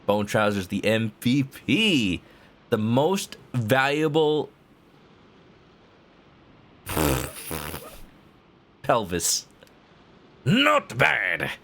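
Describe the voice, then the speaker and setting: A man's voice: medium pitch, creaky, bright, forceful tone, husky. A man streaming a video game, joking playfully and slipping into silly voices. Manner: playful, jokey, slips into voices. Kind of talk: gaming commentary. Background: game music.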